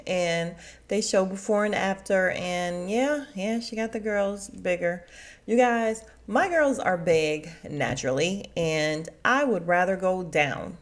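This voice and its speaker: A young adult woman hosting her own podcast, chatting casually and laughing as she acts out quotes in big voices. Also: medium pitch. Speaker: podcast host recapping a reality show. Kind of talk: casual chat.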